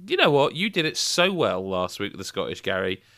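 A man's voice: fairly low pitch, huge pitch swings, fairly quick, vocal fry, a bit bright, no room sound, clean studio sound. A man hosting a podcast, reading out questions and joking with friends, often laughing. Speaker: podcast host. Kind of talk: casual podcast banter.

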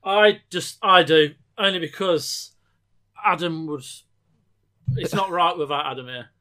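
Young man, English accent, podcast co-host, excitable, stammering, bright tone. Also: fairly high pitch, unhurried. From England. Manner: excitable, stammering restarts, laughing. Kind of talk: casual podcast chat.

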